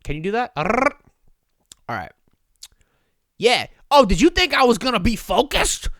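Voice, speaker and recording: A man hosting a podcast in a casual, rambling monologue, excitable, goofy and self-deprecating. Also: very high voice, normal speed, vocal fry, a little hiss or hum. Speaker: podcast host.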